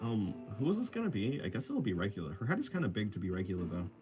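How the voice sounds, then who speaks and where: A man's voice: lowish voice, very animated, very fast. A young man streaming his drawing, casually chatting and reading viewer comments, rambling and joking at himself with frequent laughs. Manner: rambling, self-deprecating, laughs often. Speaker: artist streaming while drawing. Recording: faint music in the background.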